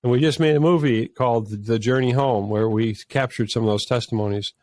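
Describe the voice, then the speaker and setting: A man's voice: medium pitch, a little fast, darkish tone, dry recording. A man, a filmmaker guest on an interview podcast, telling stories earnestly with many restarts and false starts. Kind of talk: conversational storytelling.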